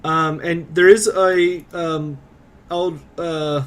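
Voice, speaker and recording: Man game master, tabletop narration, highish voice, descriptive, fillers. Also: steady tone, a little hiss or hum. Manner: quick, descriptive, frequent um and uh.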